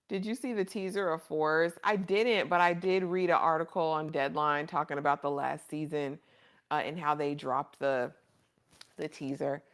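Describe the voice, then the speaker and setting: A woman's voice: low voice, steady tone, a little slow. A woman hosting a casual livestream, chatting and reading viewer comments in an affectionate, chatty way. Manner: chatty and affectionate, calls viewers honey and baby. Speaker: livestream host.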